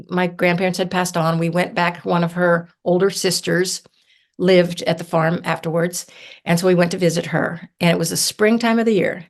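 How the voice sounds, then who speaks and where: A woman from southern Ohio, a guest on a podcast, telling stories in an animated, chatty way with many fillers. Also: on the low side. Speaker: herbalist guest. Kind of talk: casual storytelling interview.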